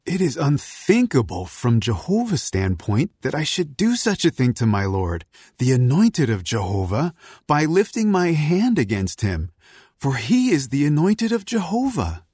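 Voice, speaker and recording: An actor playing an earnest young warrior-leader who pleads passionately in a dramatized scripture reading. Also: male voice, a little high, huge pitch swings, unhurried, a little mellow, breathy edge, no room sound, clean studio sound, full character voice. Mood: pleading.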